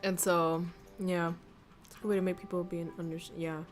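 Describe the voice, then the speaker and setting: A woman's voice: on the low side, little pitch movement, brisk, soft background music. A woman streamer in casual chat who laughs often and swears casually.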